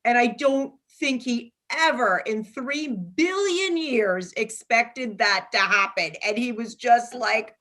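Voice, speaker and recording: A woman with a New York accent co-hosting a casual group chat, telling stories in a talkative, animated way. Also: on the high side, slow, hardly any pauses. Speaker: podcast co-host.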